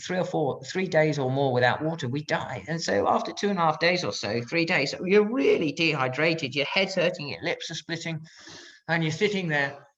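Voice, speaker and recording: A man's voice: medium pitch, a bit bright. A British man in his fifties, a former pilot giving a motivational talk online, emphatic and telling his story with acted-out quotes. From Britain. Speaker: guest speaker, former pilot. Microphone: video call. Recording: dull lo-fi video-call audio.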